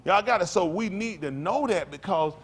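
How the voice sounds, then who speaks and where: A man's voice: animated, normal speed, breathy edge. A man preaching a sermon, talking straight to the congregation and repeating his phrases. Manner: conversational preaching, calls out to the congregation; repeats phrases, swings from low murmurs to loud raised lines. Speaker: pastor.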